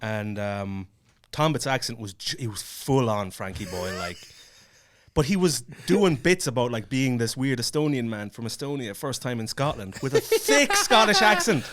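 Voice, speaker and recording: A man's voice: medium pitch, moderate pace. A man co-hosting a podcast, telling stories in casual chat with swearing. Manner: animated, swearing storyteller. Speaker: podcast co-host.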